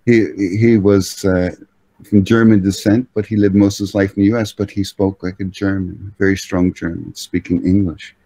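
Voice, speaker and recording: Language expert, male, deep mellow voice, halting delivery, dry close sound. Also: little pitch movement, breathy edge, no room sound, low-quality recording. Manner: measured, hesitant, with frequent uh and restarts. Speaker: language-learning expert guest. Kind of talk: explanatory answers in conversation.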